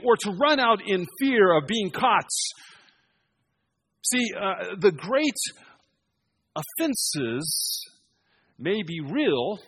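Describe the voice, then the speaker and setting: A man preaching an expository sermon, shifting between emphatic raised passages and quiet asides. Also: a little high, husky.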